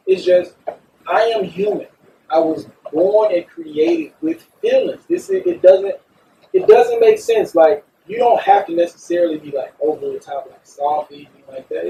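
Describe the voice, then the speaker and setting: A man with a high, dark-toned voice talks in a lively, emphatic way on a studio podcast, his pitch swinging widely. He swears freely as he makes his points. He sits some distance from the mic, with faint noise behind. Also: moderate pace, vocal fry. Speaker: podcast co-host. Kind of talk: casual chat. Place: recording studio.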